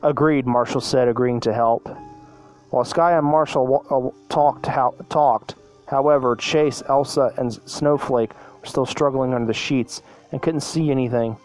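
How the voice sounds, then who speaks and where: A man's voice: mid-range voice, steady tone, normal speed, a little mellow, faint music behind, low-quality recording. A man reading a fan story aloud as narrator, often tripping over words and correcting himself mid-sentence. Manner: stumbling, self-correcting reading.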